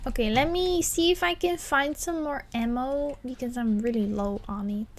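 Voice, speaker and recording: A woman streamer doing panicky let's play commentary of a horror game, exclaiming and talking slowly between scares. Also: sits high. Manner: slow, drawn-out talk.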